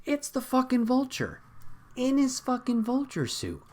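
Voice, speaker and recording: Male podcast host; lively, swooping delivery; casual, profane, exasperated. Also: extremely high pitch, a little slow, slight background noise. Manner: laughs often.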